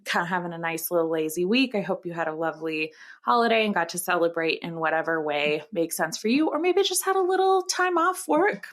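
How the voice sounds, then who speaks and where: Unhurried, musing woman podcast co-host. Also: medium pitch, fairly bright tone. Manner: unhurried, musing, trails off with fillers. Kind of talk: casual chat.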